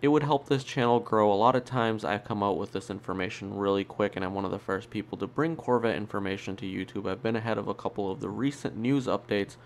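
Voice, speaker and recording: Nasal, chatty car-vlog host man. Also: lowish voice. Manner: upbeat, chatty and emphatic. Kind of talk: solo vlog commentary.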